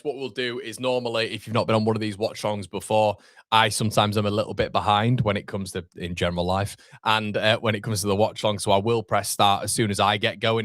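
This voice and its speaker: A young male streamer from Yorkshire in Northern England chats casually over live football, reading viewer comments aloud amid the banter. His voice sits on the low side and is a bit bright, recorded dry on a close mic.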